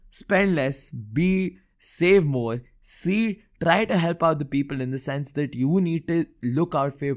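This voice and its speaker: A young man hosting a solo podcast episode, talking casually about current affairs, often stammering and repeating words and laughing at himself. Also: mid-range voice. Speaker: podcast host.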